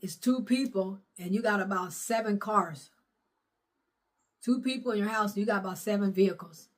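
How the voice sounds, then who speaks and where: A woman's voice: mid-range voice, moderate pace. A middle-aged woman, preaching a sermon in a fervent, repetitive way. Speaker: prophetess preaching.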